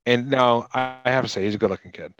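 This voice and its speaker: An American man co-hosting a casual film discussion, chatty, often restarting and clearing his throat. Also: mid-range voice, quick pace, fairly bright tone, slight background noise, poor audio. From United States. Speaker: podcast co-host.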